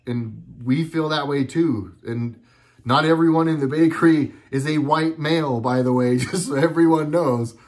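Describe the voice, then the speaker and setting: A middle-aged man talking at home in a casual monologue, earnest and rambling, often stopping and restarting his sentences. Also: on the high side. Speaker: video blogger.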